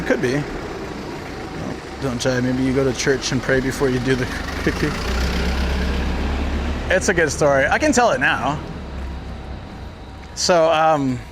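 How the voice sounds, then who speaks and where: A man's voice: mid-range voice, normal speed, long pauses. Chatty man streaming from a city street. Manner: rambling storytelling with frequent fillers. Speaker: livestreamer. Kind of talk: casual walking livestream chat. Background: traffic and city ambience.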